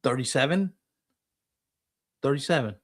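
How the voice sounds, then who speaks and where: Animated man co-hosting a sports chat. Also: mid-range voice, measured pace. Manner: animated, acts out quoted people. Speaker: podcast co-host.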